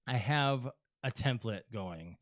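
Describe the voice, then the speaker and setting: A man co-hosting a casual podcast, rambling through announcements with plenty of ums and uhs. His voice sits at an ordinary pitch, recorded close and dry with no room sound. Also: animated, slow pace, no echo. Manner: chatty, rambling plugs with fillers. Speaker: podcast co-host.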